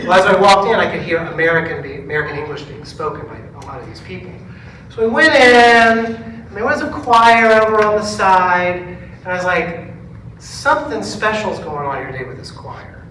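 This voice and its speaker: A man, a pastor, telling stories in a casual talk to a church forum, acting out the dialogue with lively quoted voices. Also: sits high, normal speed, slight background noise. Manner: chatty storytelling, animated quoted dialogue. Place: church meeting room. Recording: echoey room, mic at a distance.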